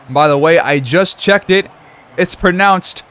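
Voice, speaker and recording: Guy doing play by play on his football game, gets loud on big plays, kinda high voice. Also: a little slow, smooth. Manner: excitable, reacts loudly to plays. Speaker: gaming commentator.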